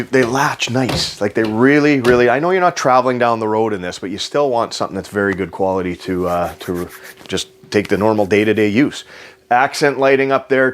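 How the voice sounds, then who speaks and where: A man giving an enthusiastic, joking sales walkthrough inside a travel trailer, repeating his selling points. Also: medium pitch.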